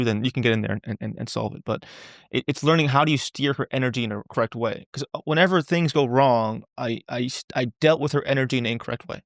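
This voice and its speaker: In a candid, conversational interview, a male podcast guest talks loosely and quickly in a mid-range voice with few pauses, repeating words and cursing offhandedly. The audio is studio quality with no room sound.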